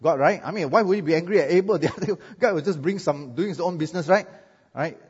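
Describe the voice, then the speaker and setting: A man's voice: on the high side, fast, breathy edge. A man preaching a sermon with a Singaporean English accent. He jokes and keeps asking the crowd "right?". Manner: lively, joking, asks the crowd "right?". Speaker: pastor. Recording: muffled sound with long hall echo.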